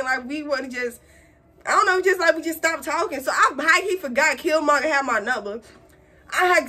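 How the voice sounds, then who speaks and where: Doing her makeup on camera, a young beauty vlogger relates a laid-back story in lively, slang-heavy speech, raising her voice higher whenever she acts out a quote.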